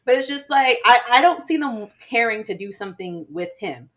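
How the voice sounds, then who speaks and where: A woman's voice: fairly high pitch, moderate pace. A woman co-hosting a podcast, chatting casually with lots of fillers and laughter. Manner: animated, laughs a lot, filler-heavy. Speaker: podcast co-host. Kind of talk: casual chat.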